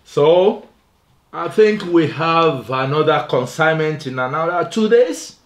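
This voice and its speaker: An actor playing a firm, businesslike boss who speaks deliberately. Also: male voice, on the high side, animated, roomy sound. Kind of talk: film comedy acting.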